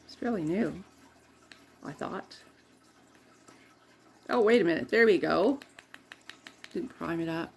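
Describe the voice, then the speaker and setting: Gravelly-voiced woman chatting rambly. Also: lowish voice, slow pace, pauses often, slight background noise. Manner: chatty and meandering, with frequent laughs and self-corrections. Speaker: vlogger. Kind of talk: casual rambling chat while doing makeup.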